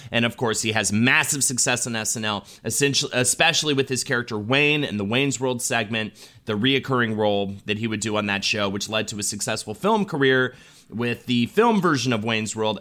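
Guy cohosting a movie podcast, bright voice, gets gushy and excited. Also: medium pitch. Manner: enthusiastic, gushing asides. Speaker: podcast co-host. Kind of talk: casual chat reading film history.

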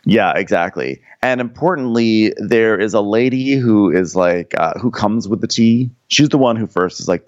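A man with a very deep voice co-hosts a comedic podcast, recapping a TV episode with wry, dry asides. His mic sounds dry and a little dull, like a lo-fi home recording. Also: dry recording. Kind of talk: casual comedic recap chat.

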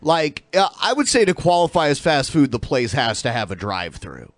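A man's voice: mid-range voice, sing-song, moderate pace. A man hosting a podcast, bantering and joking in casual chat. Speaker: podcast host. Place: podcast studio.

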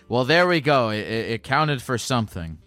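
A man's voice: medium pitch, big pitch swings, normal speed, a bit bright, no room sound, faint music behind. A male call-in host who chats casually and cracks crude jokes. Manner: crude, joking banter.

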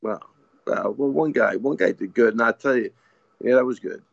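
A man co-hosting a casual sports talk show, easygoing and quick to agree. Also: mid-range voice, creaky, no room sound, dull audio. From US East Coast. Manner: easygoing, agreeable, short replies. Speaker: podcast co-host.

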